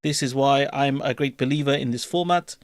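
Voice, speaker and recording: A man's voice: mid-range voice, a little fast, no room sound, close to an everyday voice. Man doing a French accent, mock-formal statesman, emphatic, plain mid voice. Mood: mock-serious. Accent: French, put on.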